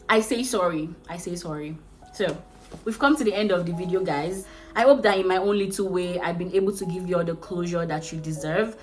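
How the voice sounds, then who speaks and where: Consoling Nigerian woman with a lowish voice. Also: normal speed, faint music behind. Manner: consoling and frank, calls viewers sweetheart. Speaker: vlogger. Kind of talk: casual talk to camera.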